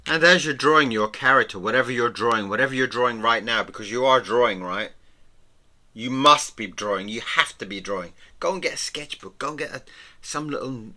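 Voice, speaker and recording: A man teaching drawing in a relaxed, playful way, encouraging the listener and often dropping to a whisper. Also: medium pitch, brisk. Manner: soft-spoken, often drops to a whisper. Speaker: art teacher.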